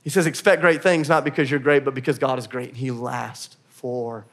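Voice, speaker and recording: A man in his thirties, a pastor, preaching a sermon in a conversational way with quick asides and self-deprecating humor. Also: medium pitch, flat delivery, fairly bright tone.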